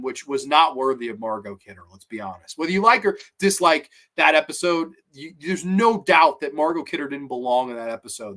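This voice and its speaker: A man hosting a casual review show, talking in a chatty, animated way and acting out quotes. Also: a little high. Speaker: host.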